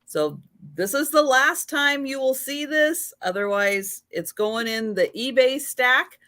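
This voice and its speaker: A woman co-hosting and selling on a live stream, chatting casually in an unhurried, matter-of-fact way. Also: high-pitched, lively intonation, fairly bright tone. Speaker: co-host and seller. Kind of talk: casual livestream chat.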